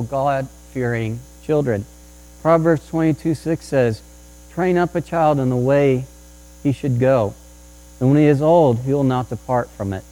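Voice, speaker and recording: Male pastor, slightly higher voice, sermon delivery with frequent restarts, faint mains hum. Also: darkish tone, poor audio. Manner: restarts often, tells anecdotes with acted quotes.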